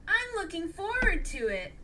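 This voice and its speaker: Lady doing a plain-spoken storybook boy, high and bouncy, faint hiss behind. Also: big pitch swings, normal speed, sharp tone, recorded from a distance, exaggerated voice. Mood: casual.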